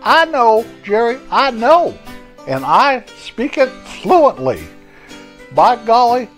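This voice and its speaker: A man's voice: high voice, voice pushed up, exaggerated voice. A man putting on a folksy old country fellow. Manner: rambling, homespun, self-correcting.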